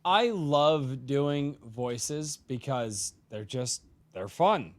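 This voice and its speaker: A man's voice: mid-range voice, expressive, drawn-out words. A man hosting a casual podcast chat, rambling and swearing freely, a bit tipsy from drinking. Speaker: podcast host.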